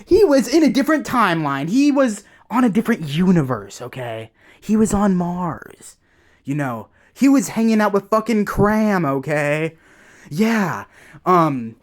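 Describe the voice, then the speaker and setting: A young man telling a story in a rambling, casual way, swearing a lot and tagging his lines with "okay?". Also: on the high side.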